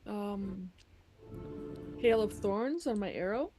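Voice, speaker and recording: A woman playing in a tabletop game, hesitant and filling pauses with ums as she searches for words. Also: mid-range voice, warm tone, faint music behind. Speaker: player. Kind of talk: casual play at the table.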